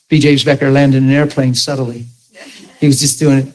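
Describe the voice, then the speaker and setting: A man's voice: mid-range voice, normal speed, poor audio. A man preaching a sermon, telling stories with acted-out quotes and laughing along with his audience. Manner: animated storytelling with acted quotes.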